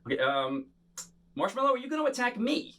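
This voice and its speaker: Man, kids' bubble show host, playful patter, bright tone, lively pitch. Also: fairly quick. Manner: animated, playful, talks straight to kids. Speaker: children's bubble performer.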